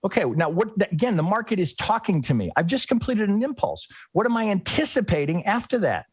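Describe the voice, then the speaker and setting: A man's voice: high-pitched, very animated, a little fast, breathy edge, no echo. A man teaching a live trading lesson, talking through charts and acting out traders' inner thoughts. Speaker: trading educator.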